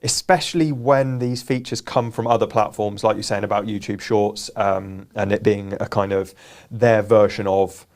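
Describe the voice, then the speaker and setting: A man's voice: fairly low pitch, steady tone, moderate pace. A man co-hosting a business live show, explaining earnestly and often restarting his words. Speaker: co-host. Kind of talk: casual business chat.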